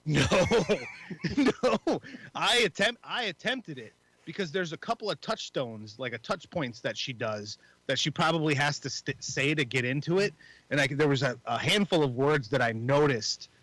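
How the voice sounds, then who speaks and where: A man's voice: on the high side, lively intonation, moderate pace, a bit bright, no room sound, low-quality recording. A man co-hosting a podcast in casual chat, rambling with frequent restarts and casual swearing. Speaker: podcast co-host.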